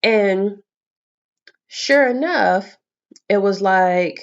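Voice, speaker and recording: A young woman vlogging, telling a story casually to camera in an animated, expressive way with casual swearing. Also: medium pitch, very slow, smooth, highs cut off.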